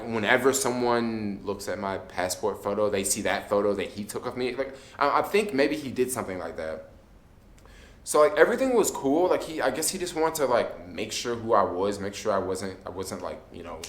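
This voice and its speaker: Young man, low voice, casual storytime vlog, filler-heavy rambling, roomy echo. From United States. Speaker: travel vlogger.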